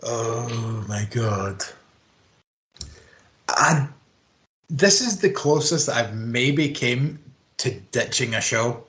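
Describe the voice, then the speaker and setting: A man's voice: medium pitch, drawn-out words, long pauses. Ranting man in an echoey room. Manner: sweary, animated ranting with mocking put-on quotes. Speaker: podcast co-host. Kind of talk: casual chat. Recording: roomy echo.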